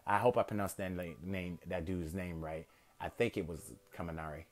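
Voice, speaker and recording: A man's voice: sits low, fairly even intonation, normal speed. Male fan storyteller, casual and rambling, self-corrects often. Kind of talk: improvised fan story narration.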